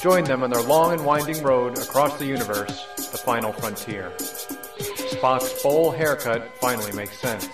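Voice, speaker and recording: Deadpan male announcer over music. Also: medium pitch, measured pace. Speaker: podcast host. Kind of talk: mock trailer voice-over. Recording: roomy, distant, over loud music.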